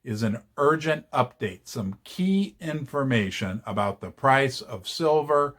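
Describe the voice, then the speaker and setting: A man's voice: mid-range voice, unhurried. A man hosting his own channel, giving casual investing commentary with chatty, joking asides. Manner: chatty and animated, jokey asides. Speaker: channel host.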